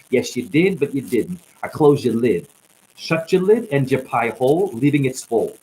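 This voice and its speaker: A worn-out man freestyles a spiritual sermon on a livestream, chaining rhymes and puns and breaking into high whoops. His voice sits at an ordinary middle pitch and sounds drained. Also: animated, moderate pace, darkish tone, low-quality recording. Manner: rambling rhyming wordplay with sudden whoops. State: tired, drained. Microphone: static-laden livestream mic.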